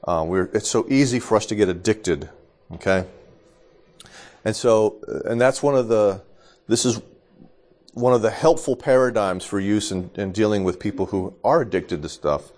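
A man's voice: lowish voice, moderate pace, a little mellow. A middle-aged man teaching a Bible lesson in a loose, conversational way, often checking in with "okay?" and laughing, a little congested from allergies. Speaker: pastor.

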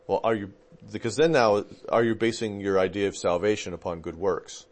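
A fairly low-voiced man preaching in a loose, conversational way. He leans on fillers as he thinks aloud and keeps checking in with his listeners with a quick "okay?". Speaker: pastor teaching a class. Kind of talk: conversational teaching.

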